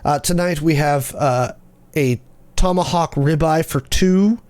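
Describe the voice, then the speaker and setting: A man's voice: on the high side, measured pace, darkish tone, close to an everyday voice. A man voicing a polite, formal restaurant maître d'. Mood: courteous. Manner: courteous, formal.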